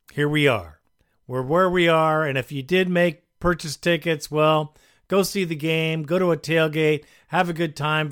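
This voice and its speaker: A man's voice: on the high side, a bit bright, smooth. A man hosting a sports radio call-in show, talking casually and calling listeners brother. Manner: casual, chummy, addresses callers as brother. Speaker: radio host.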